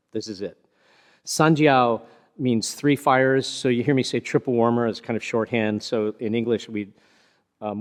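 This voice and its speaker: A man teaching karate techniques to a class, explaining in a chatty, self-deprecating way with a partner beside him. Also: mid-range voice. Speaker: karate instructor. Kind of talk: hands-on martial arts teaching. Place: large karate dojo with a partner. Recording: long hall reverb.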